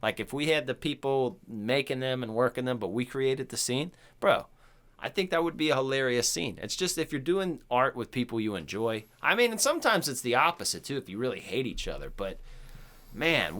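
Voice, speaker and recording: A man's voice: medium pitch, moderate pace. A man co-hosting a casual podcast chat, telling stories with lots of "like" and "dude" and acting out the voices he quotes. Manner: animated storyteller who acts out quoted voices; says "like" and "dude" a lot. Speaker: podcast co-host.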